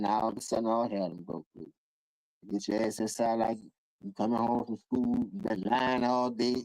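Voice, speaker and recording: A man hosting a live call-in stream, ranting in casual, profane street talk and jumping into high-pitched voices when he quotes people. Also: a little fast, vocal fry, dry recording, poor audio. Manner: animated, profane, acts out quoted voices in sudden high bursts. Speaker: livestream host.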